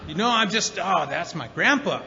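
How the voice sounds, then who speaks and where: A man's voice: high voice, animated, moderate pace, gravelly, background noise. A man giving a personal recovery testimony at a convention, telling his story with emotional emphasis. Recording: roomy hall reverb, dull sound.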